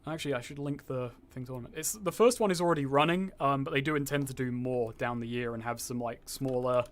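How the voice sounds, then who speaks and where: A young man streams a game and talks fast in a mid-range voice. He chats casually with his viewers, rambles, swears freely and reads chat aloud, and his voice sounds slightly posh.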